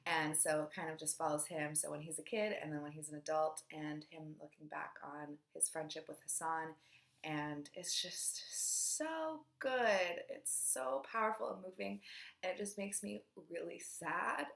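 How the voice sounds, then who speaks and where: A woman's voice: deep voice, fairly even intonation, moderate pace, creaky. Chatty young woman in an echoey room. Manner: chatty and rambling, lots of fillers, trails off into quiet asides. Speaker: book vlogger. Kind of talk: casual monthly reading wrap-up.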